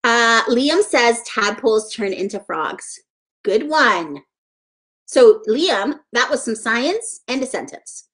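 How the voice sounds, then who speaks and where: A woman's voice: a little high, animated, takes it slowly, fairly bright tone. A woman teaching a live online letters-and-sounds lesson to young children, encouraging and sing-song as she praises each child by name.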